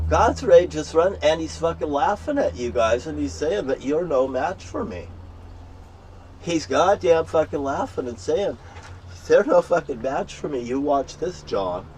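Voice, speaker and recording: A man delivering a profane, boastful, threatening rant outdoors, swearing constantly and breaking into loud outbursts. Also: medium pitch. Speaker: street ranter. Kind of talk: profane angry monologue. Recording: distant mic with faint background noise.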